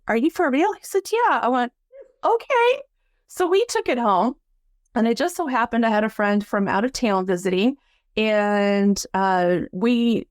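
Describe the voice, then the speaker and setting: Woman guest, lively storyteller who acts out quoted lines and laughs easily, slightly high voice, dry close sound. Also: no echo. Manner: animated, acts out quoted voices with big pitch jumps; laughs often while telling. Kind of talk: casual storytelling.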